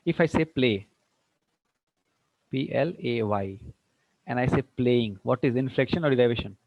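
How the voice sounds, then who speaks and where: A man runs an English grammar lesson, firing questions at his students and checking they follow. His voice sits at an ordinary pitch. The recording is dull and dry, as if from a classroom camera. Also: lively intonation, normal speed, no room sound. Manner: quizzing students with frequent check-ins, mixing in Hindi. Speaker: English teacher.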